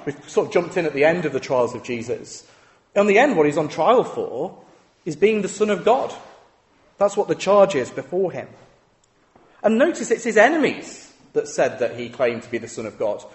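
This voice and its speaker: A man's voice: fairly high pitch, very animated, moderate pace. Guy preaching a sermon, chatty, keeps asking "don't they?", voice jumps around a lot. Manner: conversational, asks rhetorical questions.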